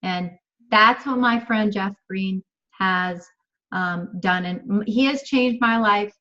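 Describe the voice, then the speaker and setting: A woman's voice: medium pitch, slow pace, bright, forceful tone, dull audio. A woman in her fifties giving an emphatic motivational coaching talk on a video call, repeating phrases and laughing often. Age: 50s.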